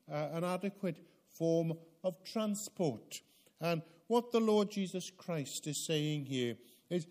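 Male preacher, slightly high voice, slow deliberate sermon delivery. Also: a little mellow. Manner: measured, earnest teaching with frequent hesitations.

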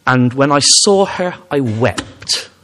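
Male preacher, sermon delivery, emphatic with restarts, lively rising and falling pitch. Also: slow. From Wales. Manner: emphatic, rising to fervent repetition with frequent restarts.

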